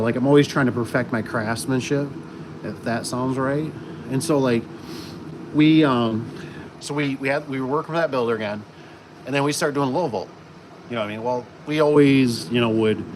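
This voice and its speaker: Against constant noise from an air conditioner's hum and passing vehicles, a garage door installer chats on his casual livestream. His voice sits in the middle of his range, and he rambles, loops back, and uses fillers and restarts.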